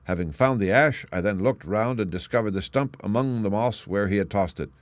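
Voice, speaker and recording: Steady male audiobook narrator, low voice. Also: fairly quick, no echo. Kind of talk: scripted narration.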